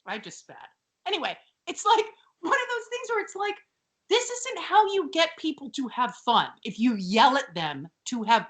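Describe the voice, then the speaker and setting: A woman co-hosting a chatty recap podcast, her bright voice sitting fairly high. She swings her pitch widely, sarcastic and animated, and slips into shrill mimicry of characters. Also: moderate pace. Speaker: podcast co-host. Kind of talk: casual recap chat.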